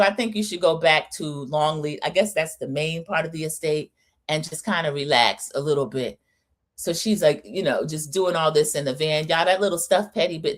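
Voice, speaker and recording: Chatty woman recapping a show. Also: low voice. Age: middle-aged. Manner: chatty, scolding, addresses viewers as y'all. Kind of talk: live opinion recap, casual chat.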